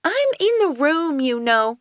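Audiobook part: woman narrator doing a hostile young mother in labor, pitched far up, strained and shrill, snapping. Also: very animated, measured pace, no room sound, studio quality. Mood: hostile, wailing.

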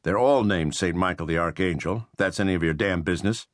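A man's voice: low voice, quick pace, dry recording, studio quality, natural voice. A man voicing a stern, wealthy tycoon in his fifties, firm and commanding. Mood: irritated. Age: 50s. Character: rich, stern self-made tycoon, age fifty-two.

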